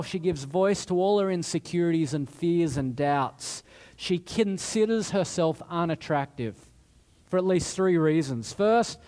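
A man's voice: fairly high pitch, a little mellow. A middle-aged man preaching a sermon in a chatty, self-deprecating way, often restarting his sentences. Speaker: pastor.

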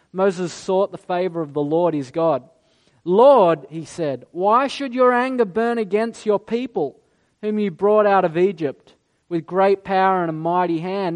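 A man delivers a sermon in a notably high voice. He tells the story with animation and slips into the voices of the figures he quotes. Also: a little mellow. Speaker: preacher.

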